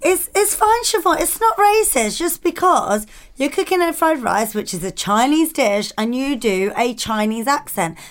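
Lady cohost, high voice, blunt, lively, swears a lot. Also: normal speed, hardly any pauses. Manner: animated, blunt, swears freely. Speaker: podcast co-host. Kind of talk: casual chat.

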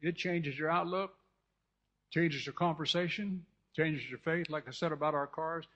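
A pastor from California delivers a fervent sermon in a slightly higher-than-usual man's voice, repeating phrases and breaking off to check in with his listeners. The sound is a dull, lo-fi recording. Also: normal speed, fairly bright tone. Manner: fervent, repetitive preaching with restarts and asides to the congregation.

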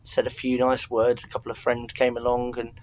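A man's voice: mid-range voice, completely flat delivery, brisk, darkish tone, muffled recording. A young man from England in his twenties, chatting casually and telling rambling stories with self-mocking asides. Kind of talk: casual chat.

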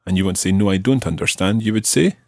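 A man's voice: low-pitched, fast, a little mellow, no room sound, clean studio sound. A man teaching a language lesson on a podcast, patiently prompting his learner with questions.

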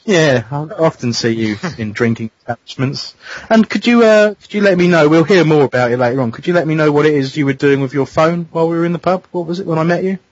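Man hosting a radio chat show, husky slightly high voice, dry lo-fi sound; playful, teasing delivery. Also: animated, fast, no echo. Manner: teasing, jokey. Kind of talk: casual radio banter.

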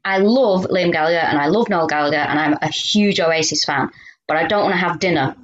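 A woman, co-hosting a podcast in casual chat, telling animated stories and swearing freely. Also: deep voice, a little fast, highs cut off, slight background noise. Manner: animated storytelling, swears, acts out quotes. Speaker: podcast co-host.

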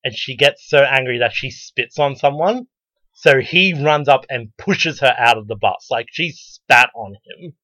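A man's voice: mid-range voice, measured pace, pushed and bright, no room sound. A man co-hosting a casual podcast chat, telling blunt, joking stories with lots of animation. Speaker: podcast co-host. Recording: dull lo-fi recording.

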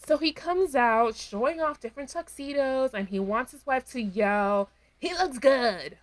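A woman's voice: high voice, normal speed, rough recording. A woman in her thirties co-hosting a podcast, recapping a show in a wry, sarcastic way. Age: 30s. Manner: wry, sarcastic, recaps scenes with quoted voices. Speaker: podcast co-host. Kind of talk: casual recap chat.

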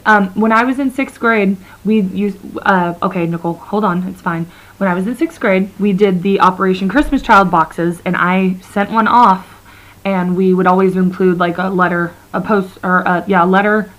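A young woman co-hosting a podcast in rambling casual chat, her voice slightly hoarse and froggy. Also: medium pitch, a bit bright, rough recording. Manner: rambling, chatty, laughs often. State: slightly hoarse, froggy from talking loudly at a bar. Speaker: podcast co-host.

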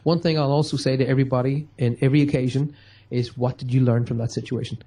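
A man's voice: medium pitch, steady tone, fast, mellow. A man giving an emphatic motivational talk, acting out quotes in a radio-style chat. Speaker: guest speaker.

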